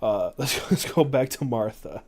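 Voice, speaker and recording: A man of middle pitch hosts a podcast and reads book passages aloud at an unhurried pace. Between readings he chats loosely, filling pauses with ums and uhs. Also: animated, darkish tone, husky. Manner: unhurried, with many fillers. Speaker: podcast host.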